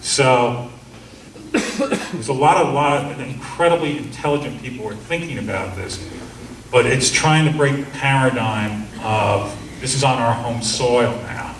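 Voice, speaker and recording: A man's voice: mid-range voice, a bit bright. Earnest man speaking in an echoey room. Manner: earnest, acts out quoted officers. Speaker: seminar speaker. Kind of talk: storytelling talk to an audience. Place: seminar room. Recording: roomy, distant mic, faint hum.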